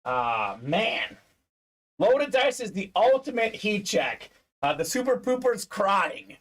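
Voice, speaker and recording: Excitable high-voiced man hosting a live break. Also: slow pace. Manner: excitable, hyping up buyers, reads chat aloud. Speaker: live sports card break host. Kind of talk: live stream commentary. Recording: distant mic.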